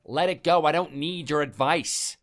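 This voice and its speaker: A man's voice: a little high, normal speed, a bit bright, faint music behind, lightly acted. A man's text-to-speech voice playing a defensive, threatening husband who brushes off his wife. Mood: angry, dismissive. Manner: dismissive, defensive and menacing. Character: hot-tempered threatening husband, adult man.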